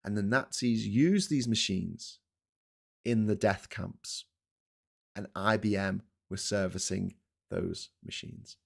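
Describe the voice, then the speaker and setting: Speaking slowly in a fairly low, creaky voice, a Liverpool man in his forties with a Scouse accent hosts a casual live-stream. He rants throughout, swearing heavily.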